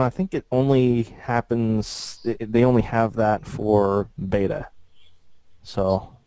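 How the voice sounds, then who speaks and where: Mellow, low man explaining tech. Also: smooth, no room sound, rough recording. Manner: easygoing, explanatory. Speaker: game developer. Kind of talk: casual technical explanation.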